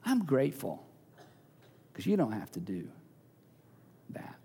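A man's voice: mid-range voice, wildly swooping pitch, slow, vocal fry, mellow, husky, in a large hall. A male pastor preaching a sermon, emphatic and repeating key phrases, now and then acting out little everyday scenes.

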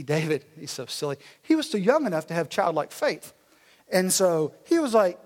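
A man preaching a sermon in a church, retelling a story with animated, casual, slangy delivery, in an echoey hall. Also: high-pitched, normal speed. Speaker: pastor.

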